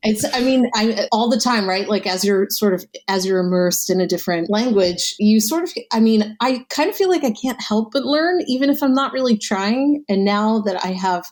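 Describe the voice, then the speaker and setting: A chatty woman in her thirties speaks with a light American accent. She talks casually as a podcast guest, with a lively, quick manner and laughs often. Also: mid-range voice. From United States. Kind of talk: casual conversation.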